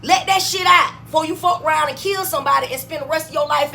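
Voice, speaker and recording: A woman ranting bluntly to her followers, swearing freely and swinging between low mutters and loud bursts. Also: fairly quick, gravelly, recorded from a distance, low-quality recording. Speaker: vlogger. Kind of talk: profane rant to camera.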